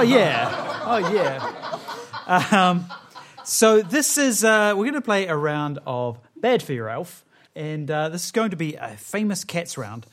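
A man with a somewhat high voice hosts a comedy panel show and explains the next round. His talk is loose and halting, full of ums and uhs. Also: a bit bright, a little hiss or hum. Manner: loose, halting, with many fillers. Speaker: quiz show host.

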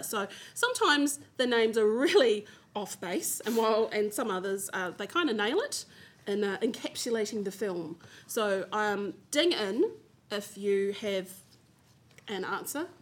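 A woman with a slight cold hosting a comedy quiz, chatty and giggly as she reads out the clues. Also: mid-range voice. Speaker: quiz host. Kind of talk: playful quiz-show banter.

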